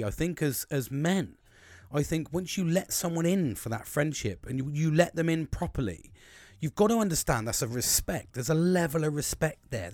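A man's voice: medium pitch, darkish tone, no room sound. Candid, rambling man, dry close sound. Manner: candid, rambling, heavy swearing, many restarts. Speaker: podcast host. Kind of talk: late-night podcast monologue.

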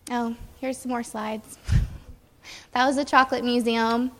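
Young woman presenting haltingly in flat tones, echoey hall. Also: fairly high pitch. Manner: hesitant, many ums. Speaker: mission trip speaker. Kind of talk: church presentation talk.

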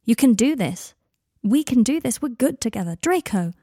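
A woman's voice: on the high side, very animated, moderate pace, mellow, husky, no room sound, studio quality, heavily acted. A woman voicing a distraught young man who pleads with his lover in a raised, urgent voice. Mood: pleading.

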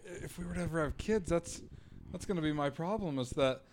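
Jokey guy co-hosting, voice a bit on the high side. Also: fairly quick, darkish tone, slight background noise. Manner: joking, playful. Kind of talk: casual chat.

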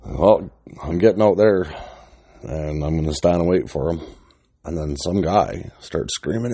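A man's voice: low voice, a little slow, creaky, mellow, breathy edge, no echo. A middle-aged man casually telling an old story, swearing freely and chuckling as he rambles.

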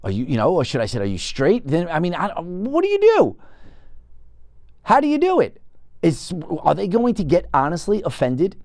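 A man talks through a story on his own show, restarting sentences as he goes. His pitch swings widely and his delivery is animated. The recording is dry and close, with no room sound. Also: moderate pace, no room sound. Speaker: podcast host. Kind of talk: casual monologue.

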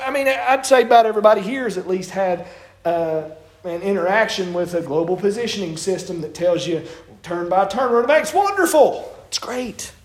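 A man preaching a sermon, folksy and storytelling with colloquial grammar, in a church sanctuary. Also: high voice. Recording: echoey church room.

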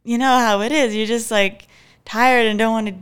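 A woman's voice: on the high side, steady tone, normal speed, clean tone. A young adult woman telling a story as a podcast guest in a casual, chatty way, with lots of "like" and "anyways" and easy laughs.

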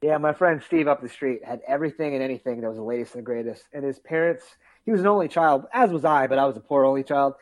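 A man telling childhood stories in casual chat, acting out quotes with loud outbursts and frequent swearing. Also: medium pitch, fast, few pauses, poor audio. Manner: animated storytelling, acts out quotes loudly; swears freely.

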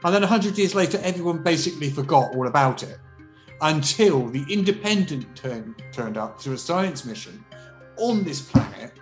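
A man narrating as game master of a tabletop role-playing game, telling the story in a relaxed, rambling way. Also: on the high side, normal speed. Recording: roomy echo, faint music.

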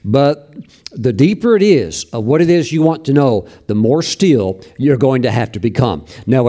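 A man's voice: medium pitch, warm tone. A man preaching a sermon, telling a story with fervent emphasis and bursts of praise.

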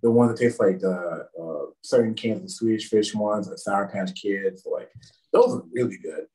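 A man's voice: on the low side, fairly even intonation, mellow, distant mic, rough recording. A man from the Southern United States with a Southern American accent, a wrestler guest on a podcast, telling slangy stories and laughing often. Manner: laughing, slangy, quick anecdotes. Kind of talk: casual podcast storytelling.

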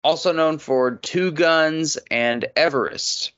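A man's voice: a little high, fairly bright tone, clear, resonant tone, highs cut off. Man casually reading movie notes. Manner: reads movie facts slowly, swears casually. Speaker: podcast host. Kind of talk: casual movie podcast chat.

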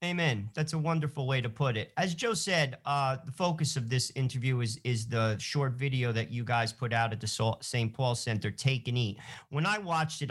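A man's voice: medium pitch, fairly bright tone. A man hosting a talk show, speaking in an emphatic, preachy way. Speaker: host.

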